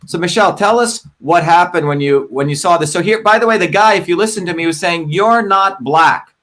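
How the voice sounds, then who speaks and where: Middle-aged male streamer, slightly high pitch, loose talky commentary style. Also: fast, fairly bright tone. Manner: talkative, repeats "okay?" to the audience. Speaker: livestream host. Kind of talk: casual livestream commentary.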